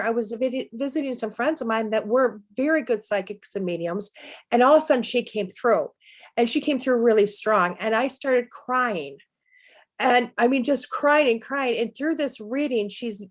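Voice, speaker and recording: A middle-aged woman, a psychic medium guest, telling personal stories in a lively, chatty way. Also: fairly high pitch. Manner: lively anecdotal telling with laughs. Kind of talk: storytelling interview chat.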